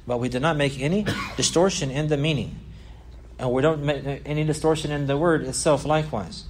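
There's a little hiss or hum behind this fairly high-pitched man as he teaches a religious lesson. Explaining a classical text, he repeats and restarts phrases and reads quotations quickly.

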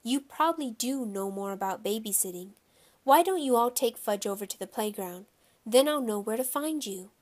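A woman's voice: fairly high pitch, expressive, moderate pace, a little mellow. A woman voicing a hesitant, coaxing young mother in a children's story. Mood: anxious. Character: anxious, gentle young mother.

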